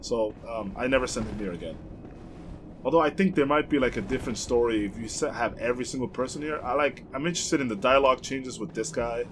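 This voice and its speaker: A man's voice: mid-range voice, quick pace, a little hiss or hum. Rambling young man commenting on gameplay. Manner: rambling, excitable, swears freely. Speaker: let's play host.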